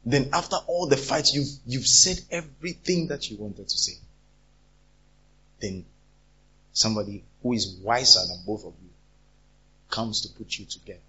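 A man's voice: mid-range voice, moderate pace, long pauses, husky. A man preaching a sermon, acting out quarrels as he talks. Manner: animated, acts out quarrels in different voices. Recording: dull lo-fi recording.

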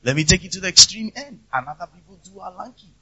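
A man's voice: high-pitched, animated, fast talker, bright, forceful tone, breathy edge, dry recording. A man preaching a conversational sermon, asking rhetorical questions and acting out the voices of people he quotes. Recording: dull, lo-fi recording.

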